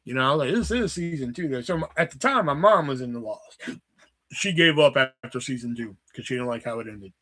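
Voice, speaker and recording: A man in his thirties hosting a casual livestream, rambling and swearing as he tells animated stories. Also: mid-range voice, brisk. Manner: rambling, profane, animated storytelling. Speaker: livestream host.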